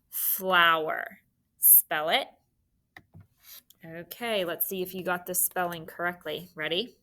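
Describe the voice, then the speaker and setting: A young woman teacher walks children through a spelling lesson, patient and encouraging. She talks slowly, with a bright, forward tone and a voice on the lower side, spelling out each word letter by letter. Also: fairly even intonation.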